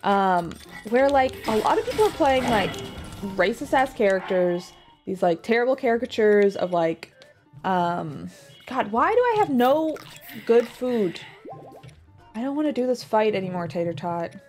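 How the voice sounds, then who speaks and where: Chatty higher-voiced woman streamer. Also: measured pace, faint music behind. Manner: chatty, rambling, filler-heavy with lively asides. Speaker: livestreamer. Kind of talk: casual chat while gaming.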